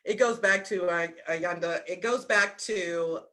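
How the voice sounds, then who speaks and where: A woman's voice: fairly low pitch, unhurried. Southern woman coaching, acting out scenes. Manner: animated, acts out little scenes in voices. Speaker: business coach. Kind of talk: motivational talk over video call. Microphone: video call.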